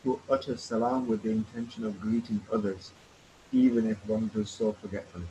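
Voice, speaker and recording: A man reading lines from a book aloud for the class in a plain, even way. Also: fairly low pitch, brisk, slight background noise, poor audio. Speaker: student reading the text.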